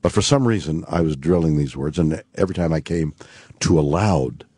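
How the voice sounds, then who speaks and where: Deep, husky older man telling anecdotes. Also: a little mellow, no room sound, clean studio sound. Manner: halting, anecdotal, with many fillers and restarts. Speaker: guest. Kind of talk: radio talk show storytelling.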